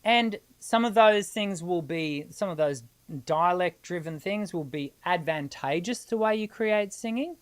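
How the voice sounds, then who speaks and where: An Australian woman teaching singing on a live stream, answering viewers' questions. She explains in an animated way and laughs easily. Her speaking voice sits a little low for a woman. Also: unhurried.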